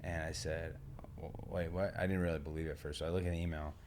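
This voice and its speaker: A man co-hosting a podcast, telling a rambling travel story in a relaxed way, swearing and laughing. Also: very deep voice, quick pace, a little hiss or hum. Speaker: podcast co-host. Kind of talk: casual storytelling chat.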